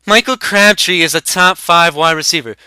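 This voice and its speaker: A man's voice: on the high side, normal speed, pushed and bright, smooth, dry recording, pitched above the performer's own voice. A young man voicing a cocky, profane stoner who trash-talks smugly. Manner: smug, crude trash talk.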